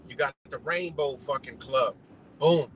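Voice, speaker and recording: A man's voice: medium pitch, a little slow, a little hiss or hum, poor audio. A man doing a rambling, profane political rant on a livestream, talking outdoors beside a road. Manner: heated, rambling, heavy swearing. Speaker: livestream host.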